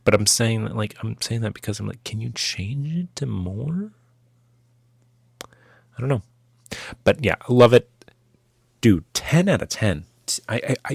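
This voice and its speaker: Gravelly-voiced young man rambling. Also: on the low side, no echo. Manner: rambling, lots of fillers and restarts. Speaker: vlogger testing a lavalier mic. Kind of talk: casual rambling gear test.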